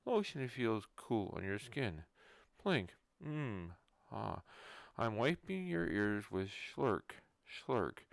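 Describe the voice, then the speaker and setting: A man voicing a creepy male ear-cleaner who pulls bugs out of ears. It is a whispered role-play, and he says the sound effects aloud in a hushed voice. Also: fairly low pitch, big pitch swings, takes it slowly, creaky, no room sound, voice pushed down, heavily acted.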